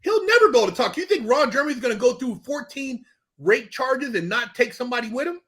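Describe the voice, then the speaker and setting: Man, high voice, animated storyteller, profane, casual podcast chat. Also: fast. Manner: animated storytelling, profane, acts out quoted dialogue. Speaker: guest.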